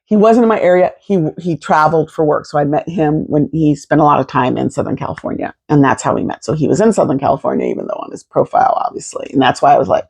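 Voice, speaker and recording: A woman in her fifties telling a personal story to camera in an animated, expressive way, swearing freely. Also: sits low, quick pace, gravelly, few pauses, slightly rough. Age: 50s. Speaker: vlogger.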